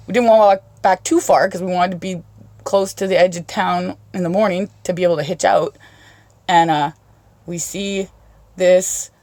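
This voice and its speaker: A woman's voice: lowish voice, darkish tone, no echo. Foul-mouthed woman telling stories. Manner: swears constantly, laughs through stories. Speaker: podcast host. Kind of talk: casual storytelling chat.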